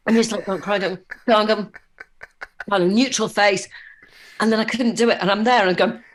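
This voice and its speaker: A woman's voice: mid-range voice, fairly quick. Chatty woman telling anecdotes. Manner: animated anecdotes with frequent fillers and restarts. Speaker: podcast guest. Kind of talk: conversational interview storytelling.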